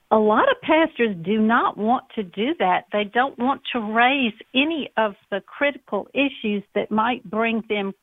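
A woman's voice: a little high, measured pace, no echo. A woman calling in to a Christian radio show and speaking earnestly about churches and pastors. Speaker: caller. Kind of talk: call-in radio comment. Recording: tinny phone line.

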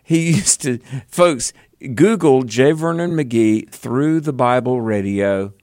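Southern guy co-hosting a bible show, earnest and animated, dry close sound. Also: medium pitch, slow, no room sound. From American South. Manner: animated, earnest, with emphatic bursts. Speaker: co-host of a Bible teaching program. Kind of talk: conversational Bible teaching.

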